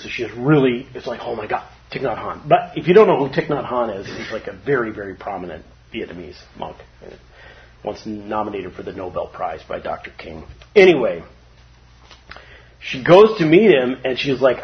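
A man giving a casual, informal dharma talk to a group, chatty and quick to laugh. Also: medium pitch, animated. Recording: dull lo-fi recording.

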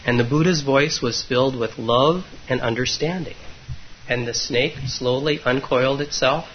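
A man giving a dharma talk as a meditation teacher, retelling a story gently and unhurriedly with frequent hesitations, in a dull lo-fi recording with faint noise. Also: mid-range voice, moderate pace.

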